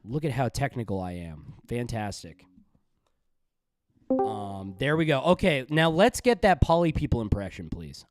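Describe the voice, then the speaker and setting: A man's voice: mid-range voice, very animated, a little slow, darkish tone, soft background music. Rambling man hosting a stream. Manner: rambling, crude jokes, filler-heavy. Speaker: stream host. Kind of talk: casual stream banter.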